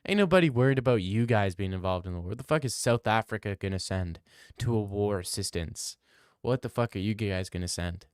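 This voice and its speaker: A man's voice: on the low side, expressive, brisk, smooth, no room sound, studio quality. A young man hosting a livestream, reading out chat and rambling in a crude, jokey, casual way. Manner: rambling, crude, jokey, slips into silly voices. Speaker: livestream host answering chat.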